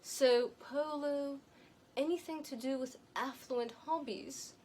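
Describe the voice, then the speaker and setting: A woman with a light, elocution-trained non-native accent gives a measured, emphatic advice monologue to camera as an image and style consultant. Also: sits high, fairly even intonation, darkish tone, rough recording.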